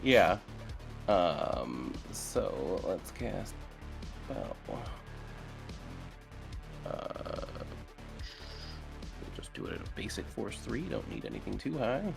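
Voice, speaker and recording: A man as a player in a tabletop game, thinking aloud in an unhurried way. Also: low voice, huge pitch swings, gravelly, music in the background.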